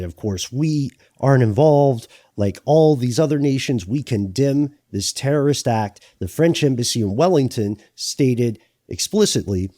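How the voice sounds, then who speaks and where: A man co-hosting a podcast, telling the story in a lively, joking way with acted-out asides. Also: medium pitch, no echo, clean studio sound. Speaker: podcast co-host. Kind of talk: conversational podcast banter.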